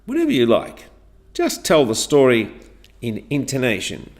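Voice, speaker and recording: A man teaching a class, modelling phrases clearly for learners to repeat in a lesson on intonation. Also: mid-range voice, wildly swooping pitch, normal speed, darkish tone. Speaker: English teacher.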